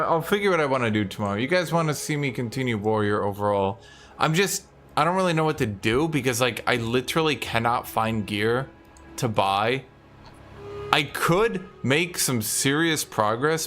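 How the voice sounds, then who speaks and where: A man's voice: medium pitch, fairly bright tone. Casual male game streamer over music. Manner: frustrated, swears casually, talks to chat.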